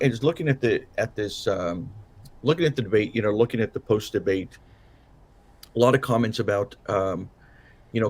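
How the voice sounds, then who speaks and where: A man co-hosting a political podcast, tired after a late night, talking in a loose, rambling way with many restarts and fillers. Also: fairly low pitch. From Southern California. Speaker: podcast co-host. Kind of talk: casual political chat.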